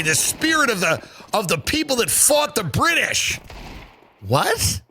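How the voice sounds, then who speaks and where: A middle-aged podcast host riffs sarcastically on his comedy show, acting out mock dialogue and swearing freely. His tone is bright and forceful, his pitch swings widely, and a little hiss or hum sits under the audio.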